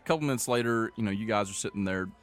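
A man with a lowish voice narrates a tabletop game as its game master. He talks in a relaxed way, often restarting his words and laughing along with the players. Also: rapid-fire, faint music behind.

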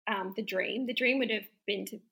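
A woman's voice: medium pitch, normal speed, vocal fry, low-quality recording. A young woman telling an interview story casually, acting out quotes with lots of laughter. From Australia. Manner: animated, acts out quotes with laughter. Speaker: interview guest.

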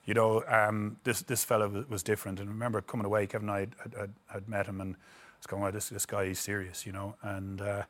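A man's voice: fairly low pitch, level tone, quick pace, fairly bright tone. A middle-aged Irish man, a former footballer, telling stories in an interview, rambling and repeating words as he acts out quotes. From Ireland. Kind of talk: casual storytelling interview.

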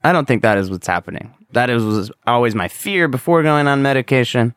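A man's voice: mid-range voice, fairly quick, a bit bright, smooth, dry recording, studio quality. A young man hosting a solo podcast, talking candidly and rambling, with casual swearing. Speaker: podcast host.

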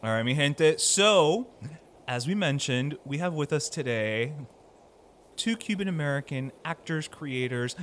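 A man's voice: on the high side, animated, unhurried, a bit bright, slight background noise. A man hosting a podcast, introducing guests in casual chat, laughing easily and dropping Spanish words. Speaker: podcast host.

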